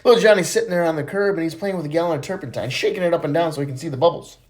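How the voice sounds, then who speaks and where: A man's voice: a little high, very fast. A man telling jokes in a casual, chatty way and laughing at his own punchlines. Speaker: joke teller.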